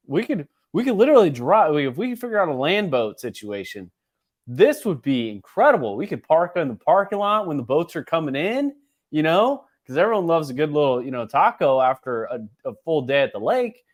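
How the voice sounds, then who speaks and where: A man's voice: on the high side, a little fast. A man co-hosting a podcast, telling a story in casual chat, acting out the other people in it and swearing freely. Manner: animated, profane, acts out other people's lines. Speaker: podcast co-host.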